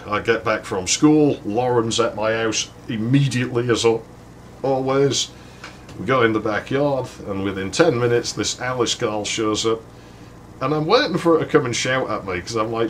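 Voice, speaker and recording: A man's voice: on the low side, slight background noise. A man casually telling a long rambling story while playing a game, swearing freely and chuckling between lines. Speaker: let's play host.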